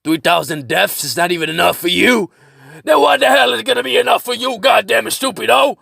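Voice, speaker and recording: A man voicing a crazed older male war veteran who rants, curses and shouts from his bunker. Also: high voice, brisk, creaky, slightly rough, pitched above the performer's own voice, heavily acted. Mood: ranting. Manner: ranting, cursing, shouting.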